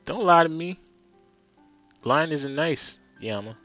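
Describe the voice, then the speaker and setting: A man's voice: fairly high pitch, lively intonation, slow pace, a bit bright, dull audio, soft background music. A man with a New Jersey accent voicing a stern, stuffy male schoolteacher in a pompous, scolding tone.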